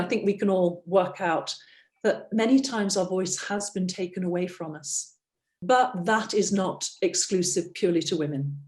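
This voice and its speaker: Running a breathing workshop, a middle-aged woman voice coach demonstrates exercises and urges the audience along. She has a lowish, darkish voice. The sound is roomy and she is off-mic.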